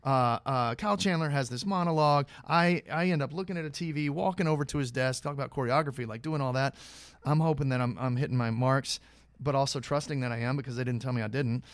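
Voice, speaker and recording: Male podcast guest, mid-pitched, animated storyteller with lots of fillers, close dry sound. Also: fast talker, no room sound. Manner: animated anecdotes, many fillers and restarts. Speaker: guest actor.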